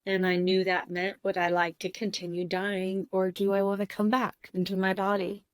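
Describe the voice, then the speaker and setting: A woman telling a deeply personal story as a podcast guest. She is tearing up and speaks in a halting, heartfelt way, with pauses and restarts. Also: completely flat delivery, no room sound.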